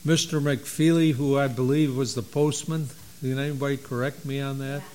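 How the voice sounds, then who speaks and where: A middle-aged man who is a pastor, preaching a sermon in a slow, folksy storytelling way. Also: mid-range voice, fairly even intonation, darkish tone, poor audio.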